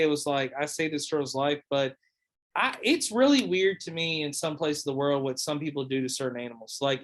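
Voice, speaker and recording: A man's voice: on the high side, fairly bright tone. A young man chatting casually on a podcast, rambling with lots of fillers and swearing. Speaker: podcast host or guest. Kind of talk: casual chat.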